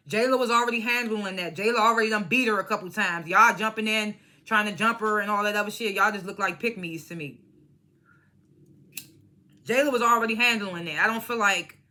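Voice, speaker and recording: A young woman with a pushed, bright, mid-range voice recaps a reality show episode casually. She's blunt, profane, and full of opinions, and she often imitates the cast members.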